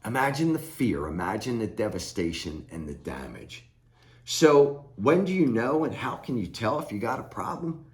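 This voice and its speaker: A man's voice: on the low side, very animated, moderate pace. A middle-aged man giving blunt, plain-spoken advice straight to camera as a recovery coach. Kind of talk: direct-to-camera advice talk. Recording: echoey room.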